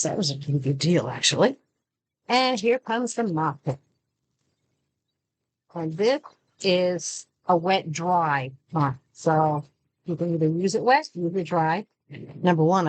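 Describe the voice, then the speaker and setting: A woman chatting casually through a product unboxing, showing each item as she talks. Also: fairly low pitch. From Arizona. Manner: chatty, shows items while talking. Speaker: product review vlogger.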